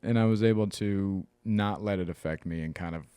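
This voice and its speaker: A man's voice: low-pitched, a little fast, mellow, smooth, no room sound. A man co-hosting a podcast in casual chat, telling stories animatedly, mimicking other people and swearing freely. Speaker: podcast co-host.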